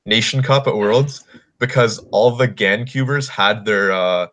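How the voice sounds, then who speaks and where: A man's voice: fairly low pitch, a little slow, fairly bright tone. A man chatting casually and thoughtfully on a live stream.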